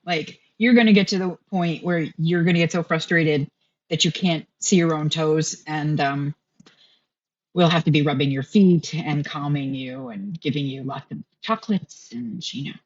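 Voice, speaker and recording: A woman's voice: sits low, normal speed, dry recording, dull audio. A woman playing a tabletop game, speaking casually in character and narrating her character's reactions. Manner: casual, with frequent fillers like "like". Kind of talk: in-character roleplay.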